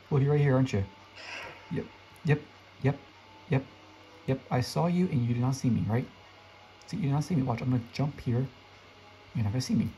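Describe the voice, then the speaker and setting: Excitable young man narrating gameplay. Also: medium pitch, highs cut off, slight background noise. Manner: excitable, jumpy, voice shoots up when scared. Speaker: gaming video creator. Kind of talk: live gameplay commentary.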